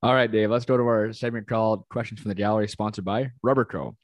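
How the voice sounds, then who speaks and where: A man's voice: fairly low pitch, fairly even intonation, fast, no echo. A man hosting a podcast, asking questions casually with fillers. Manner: upbeat, asks questions with fillers. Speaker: podcast host.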